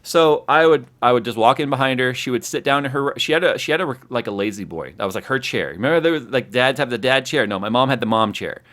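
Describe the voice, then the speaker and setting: A man hosts a casual livestream chat, racing through his stories at a quick clip. He tells them with animation and acts out each scene, at a middling pitch for a man. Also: animated, fairly bright tone. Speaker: host.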